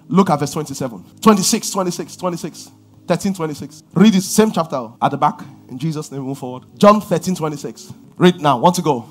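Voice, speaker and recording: A man preaches a sermon as he reads and explains scripture, swinging between shouted lines and low murmurs.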